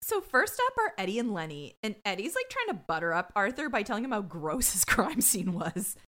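A woman's voice: medium pitch, big pitch swings, brisk, fairly bright tone. A woman co-hosting a podcast, recapping a TV episode with playful, sarcastic commentary. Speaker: podcast co-host. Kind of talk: casual recap chat.

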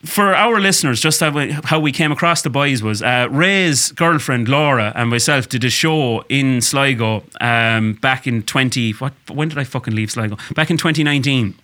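A man's voice: medium pitch, moderate pace, few pauses, pushed and bright. An Irish man co-hosting a podcast, telling stories in a loose, sweary, laughing way. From Ireland. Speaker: podcast co-host. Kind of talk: casual podcast chat.

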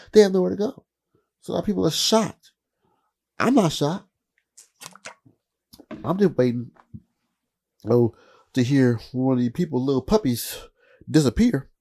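With a creaky, dark-toned voice, a man rambles through profane stories as casual comedy, and his pitch leaps upward when he gets heated.

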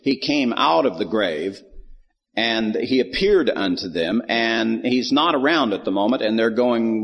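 Man teaching scripture with a gravelly voice. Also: mid-range voice, animated, unhurried, long reverb tail, muffled recording. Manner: folksy storytelling, acts out quoted lines. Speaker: Bible teacher. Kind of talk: Bible teaching.

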